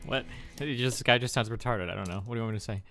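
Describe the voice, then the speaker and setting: A man streaming live, chatting offhand and crudely while reacting to clips and fighting his computer. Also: mid-range voice. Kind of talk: casual livestream chat.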